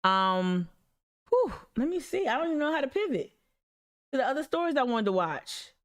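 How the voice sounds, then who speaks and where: A woman chats casually on a live stream, reacting with animated energy and addressing her audience directly. Her voice sits somewhat high. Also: moderate pace. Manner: animated, laughing, talks straight to viewers. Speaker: livestream host. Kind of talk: casual livestream commentary.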